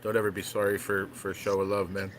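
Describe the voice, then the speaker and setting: A man's voice: low-pitched, little pitch movement, fast, heavy background noise. A man in a casual memorial chat, friendly and full of questions. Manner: friendly, asks many questions.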